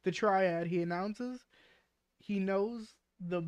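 A woman's voice: medium pitch, takes it slowly, a little mellow, clear, resonant tone, no room sound, dull audio. A woman hosting a podcast in casual chat, joking and swearing freely as she runs a word game. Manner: joking, swears freely, laughs while reading. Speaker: podcast host.

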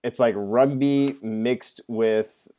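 A man co-hosting a casual podcast, excitable and swearing freely as he reacts to what he sees. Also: medium pitch, very slow, slight background noise. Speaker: podcast co-host. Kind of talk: casual chat.

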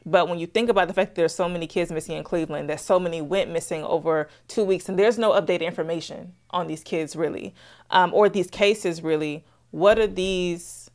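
A woman's voice: lowish voice, steady tone, a little fast, a little mellow. A woman podcast co-host in casual chat, talking earnestly and building an argument.

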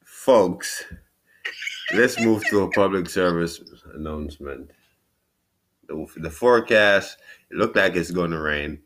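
A man with a New York accent hosting a casual podcast chat. He laughs often, swears freely and retells stories in an animated way. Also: low-pitched, slow, pauses often. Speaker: podcast host.

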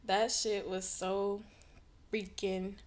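A young woman co-hosting a casual podcast chat, playful and laughing often, speaking in relaxed slang. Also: medium pitch, slow pace, a little hiss or hum. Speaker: podcast co-host.

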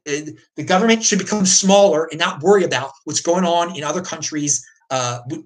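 A man's voice: on the high side, fairly bright tone, rough recording. A man hosting a livestream, talking off the cuff in an emphatic, ranting way, repeating himself and restarting often. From United States. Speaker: crypto livestream host. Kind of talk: unscripted opinion talk answering viewers.

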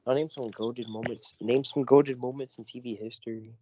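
A man's voice: medium pitch, fairly even intonation, moderate pace, warm tone, a little hiss or hum, low-quality recording. A young man co-hosting a casual podcast chat, joking around in slang and losing his train of thought. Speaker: podcast co-host.

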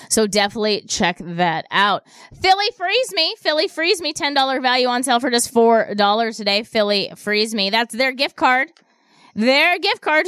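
A woman with a high, bright-sitting voice hosts a radio shopping show. She talks up local deals in a chatty, repeating patter. The studio sound is dry and close. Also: clean tone, dry recording. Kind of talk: upbeat radio deal pitch. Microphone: studio microphone.

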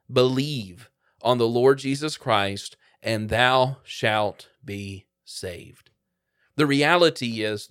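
Guy preaching a sermon, earnest and emphatic, mid-pitched voice, dry close mic. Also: a bit bright, dry recording. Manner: earnest, emphatic, quoting scripture in King James wording.

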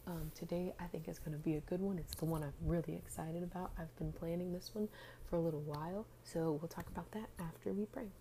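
Young female podcast host, groggy and very mellow in tone, chatty and rambling, faint background hum. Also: on the low side, fairly even intonation, a little fast, rough recording. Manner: rambling, chatty with fillers and restarts. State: groggy, just up. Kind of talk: casual faith podcast chat.

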